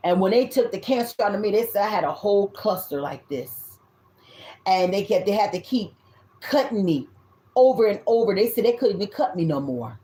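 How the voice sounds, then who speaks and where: A woman in her fifties with a Southern US accent, giving a tarot reading in loud, blunt, casual talk and swearing freely. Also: mid-range voice, lively intonation, brisk. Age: 50s. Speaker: tarot reader. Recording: echoey room.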